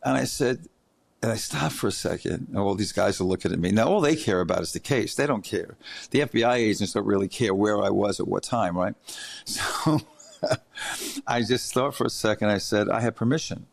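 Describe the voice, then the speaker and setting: A middle-aged man hosting a podcast, telling an anecdote in a casual, animated way and laughing as he goes. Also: fairly low pitch, moderate pace, gravelly, dry recording. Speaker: podcast host. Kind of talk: casual storytelling.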